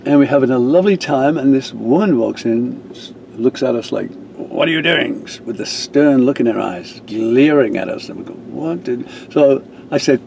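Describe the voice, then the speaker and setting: Older male reverend, warm mellow voice, rambling, chuckling storyteller, faint background noise. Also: medium pitch, expressive, moderate pace, vocal fry, rough recording. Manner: rambling, chuckling, many restarts. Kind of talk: casual storytelling.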